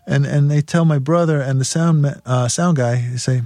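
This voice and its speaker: A man's voice: fairly high pitch, moderate pace, dark tone, no room sound, studio quality. A man, a guest musician, telling wild road stories in casual chat, swearing freely and laughing as he goes. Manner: profane, laughing as he tells stories. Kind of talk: casual storytelling.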